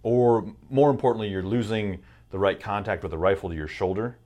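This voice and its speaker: Very deep-voiced male interviewer. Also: a little fast, mellow. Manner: long winding questions with examples. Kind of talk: casual interview questions.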